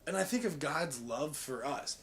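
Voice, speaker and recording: A man's voice: on the high side, lively intonation, normal speed, creaky. Young man in a rambling devotional chat. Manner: rambling storyteller, heavy use of "like" and "right?". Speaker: student giving a devotional. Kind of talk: casual devotional talk.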